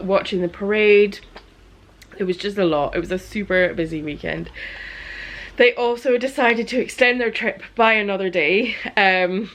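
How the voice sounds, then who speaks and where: A woman, chatting casually to camera in her small business vlog, animated and laughing as she tells a story. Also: medium pitch. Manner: animated storyteller, acts out quotes, laughs often.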